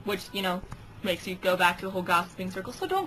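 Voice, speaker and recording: A woman's voice: medium pitch, fast, sharp tone. Rambling woman narrating a toy story. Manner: rambling, giggly, trailing asides. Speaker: storyteller with toys. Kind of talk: casual toy-play storytelling. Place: home. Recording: home video with noisy hiss.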